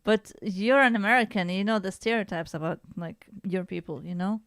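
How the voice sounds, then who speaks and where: Brief: talkative woman podcast co-host, dry close sound, smooth timbre. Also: medium pitch, normal speed, a bit bright, no room sound. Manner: chatty, laughing, frequent restarts. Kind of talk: casual chat.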